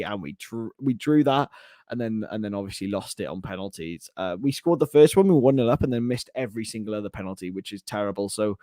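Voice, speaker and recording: A chatty young man hosts a casual live stream and fires off answers to viewer comments in quick, jokey bursts. His voice sits in a middle range, and the sound is dry and close. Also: medium pitch, a little mellow, no echo. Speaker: host of a fan channel.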